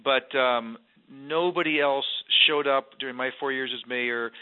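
A man's voice: mid-range voice, fairly even intonation, moderate pace. Earnest man on a tinny phone line. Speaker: guest, former mayor. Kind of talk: earnest faith conversation.

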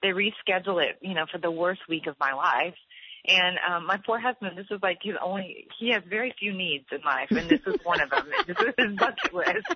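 A woman guest telling an emotional personal story in an animated way, acting out the dialogue and laughing often. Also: fairly low pitch, fairly quick, dull audio, a little hiss or hum. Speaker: guest author.

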